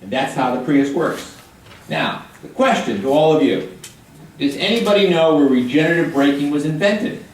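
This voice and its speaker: Quizzing high school students during a guest lecture, an older man stays animated, jokey and talkative at a normal speed. The classroom or hall echoes, the mic sits at a distance, and there's slight background noise.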